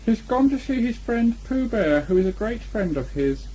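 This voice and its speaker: A man's voice: sits high, very animated, normal speed, warm tone, pitched above the performer's own voice. A man voicing a fussy, cautious male rabbit in a storybook reading, with a prim, hesitant manner, on a muffled old tape.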